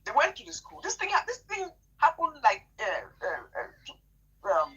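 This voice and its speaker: A woman, telling an emotional personal story in an animated, indignant way, often repeating herself. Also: sits high, normal speed, muffled recording. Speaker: guest telling her story.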